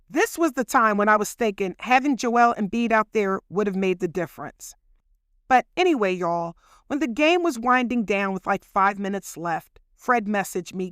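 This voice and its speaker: A woman tells her own story in a relaxed, chatty way, talking straight to her listeners as if to friends. Her voice sits a little high, and the recording is dry and close, with no room sound. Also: dry recording. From Philadelphia. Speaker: podcast host telling her own story. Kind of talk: casual personal storytelling.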